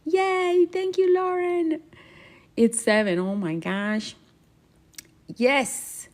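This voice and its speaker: A woman's voice: sits high, fairly even intonation, drawn-out words, long pauses, darkish tone. Woman, bubbly, playful, giggly, casual live-stream chat, painting while talking. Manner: chats to viewers while painting.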